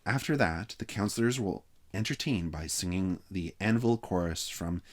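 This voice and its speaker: A man's voice: sits low, expressive, moderate pace. A man voicing a sly teenage boy running a summer camp, announcing in a mock-official way. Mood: mock-formal.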